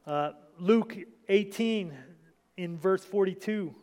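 Guy preaching casual, lots of restarts, slightly high voice, echoey church hall. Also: slow, darkish tone. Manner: conversational, with many restarts and asides to the congregation. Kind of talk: informal sermon reading scripture. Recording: long hall reverb.

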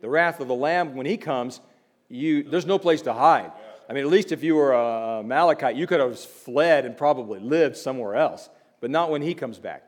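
A man preaching a sermon in a conversational way, slipping in quick asides and building to emphatic warnings. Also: medium pitch. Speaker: pastor.

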